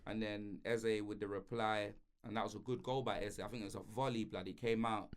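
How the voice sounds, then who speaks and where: A man's voice: lowish voice, a little fast. A young man, hosting a casual, slang-heavy football chat. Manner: animated slang-heavy banter. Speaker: football channel host.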